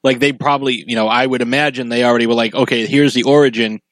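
A man co-hosting a casual podcast chat about a film, relaxed and agreeable, with lots of fillers. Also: medium pitch, fast talker, dry recording, low-quality recording. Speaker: podcast co-host.

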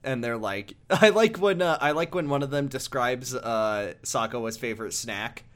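A man's voice: mid-range voice, normal speed, fairly bright tone. Man, podcast co-host, casual chat, jokey, laughing often.

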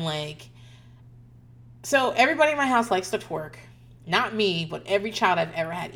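A woman, a mother, casually telling family stories, laughing often, swearing, and acting out quoted voices. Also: medium pitch. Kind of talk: casual storytelling monologue.

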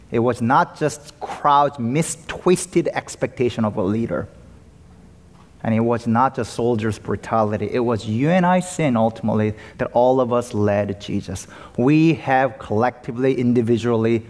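A man preaching a sermon as pastor, emphatic, moving between raised and hushed delivery. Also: mid-range voice, in a large hall. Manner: emphatic, swings from loud to hushed. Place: church sanctuary.

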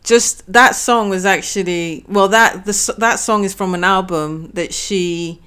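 A woman co-hosting a podcast, relaxed and agreeable, chiming in with short affirmations. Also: mid-range voice, a little slow, clear, resonant tone. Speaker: podcast co-host. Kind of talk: casual podcast chat.

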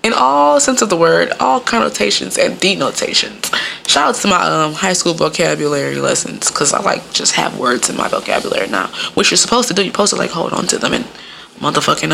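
A young woman rambles through a casual, profane monologue, breaking into laughter and leaning on "like" constantly. Her voice sits low with a gravelly fry, yet it comes across bright and forceful. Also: expressive, a little fast, a little hiss or hum.

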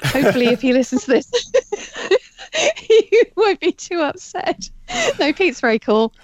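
A woman getting over a heavy cold, talking as a guest in a casual interview over a remote call, chatty and excitable and laughing often. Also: high-pitched, unhurried, no room sound. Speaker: guest, author and audiobook narrator.

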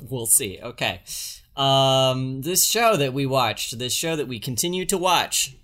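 A man's voice: mid-range voice, animated, slow pace, pushed and bright. A man co-hosting a casual podcast, enthusiastic and playful. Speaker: podcast co-host.

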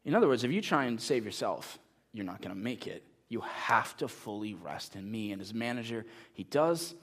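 A man preaching a sermon as pastor, telling a story with lively energy and then making a quiet, earnest appeal to the congregation. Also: fairly low pitch, normal speed.

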